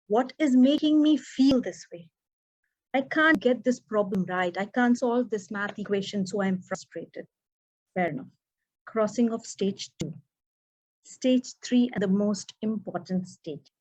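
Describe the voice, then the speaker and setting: A woman, giving an expressive prepared speech as an educator and acting out quoted dialogue. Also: mid-range voice, a little slow. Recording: dull muffled recording.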